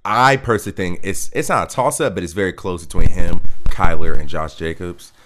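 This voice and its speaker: A man hosting a sports podcast, steering the talk in a relaxed way with many "um"s. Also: low-pitched, fairly quick, slight background noise.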